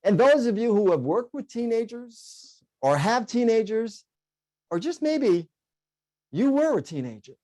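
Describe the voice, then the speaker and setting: A middle-aged man giving a humorous keynote speech to an online audience, telling stories with bursts of singing and laughter. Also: high-pitched. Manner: animated storyteller, bursts into sung "oh yeah" and laughs. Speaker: keynote speaker.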